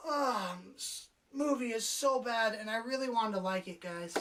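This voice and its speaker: A woman's voice: a little high, unhurried, few pauses, a bit bright, recorded from a distance. Sarcastic woman reviewer, a bit off-mic. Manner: sarcastic, profane, acts out characters' lines. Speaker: movie reviewer. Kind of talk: casual spoken film review.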